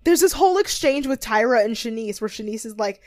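A young woman chatting loosely as a podcast co-host, her voice sitting a touch high. She rambles and giggles, trips over her words, and slips into quick impressions of the people she is talking about. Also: expressive, darkish tone. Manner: rambling and giggly, with lots of fillers and acted quotes. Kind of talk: casual chat recapping a TV show.

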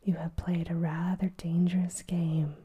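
A woman voicing a gruff, furious older male professor in a whispered role-play, growling and insulting. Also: lowish voice, level tone, a little slow, phone-quality sound. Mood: raging.

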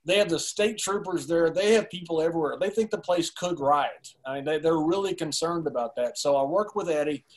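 Animated storytelling man, fairly high voice. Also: a little fast, few pauses. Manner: animated, laughs through his story. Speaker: guest. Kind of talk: storytelling in a podcast interview.

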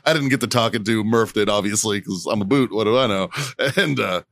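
A middle-aged man with a slightly low voice, telling a crude story to friends. He swears freely and acts out every voice in the tale. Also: a little fast, gravelly. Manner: profane, animated storyteller acting out quotes. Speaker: podcast co-host. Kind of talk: casual storytelling among friends.

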